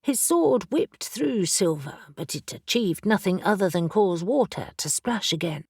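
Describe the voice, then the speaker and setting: A woman narrating a fantasy audiobook in a steady, even storytelling voice. Her pace is slow and deliberate, her pitch in a middle range. The sound is dry and close, with no room echo. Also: breathy edge.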